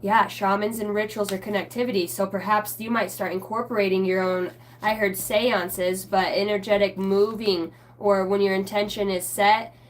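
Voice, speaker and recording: A woman talks her way through a relaxed livestream oracle reading at a middle pitch. She wanders off mid-sentence and mocks herself with offhand swearing. A faint hum sits under her voice. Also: moderate pace, hardly any pauses. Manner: rambling, loose and chatty, with casual swearing; self-mocking aside, often trailing off mid-thought. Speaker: spiritual reader answering viewers live.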